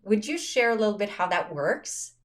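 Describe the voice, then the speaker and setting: A woman's voice: mid-range voice, big pitch swings, moderate pace. A woman hosting a podcast, telling a personal story in casual conversation, acting out quotes and laughing often. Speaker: podcast host.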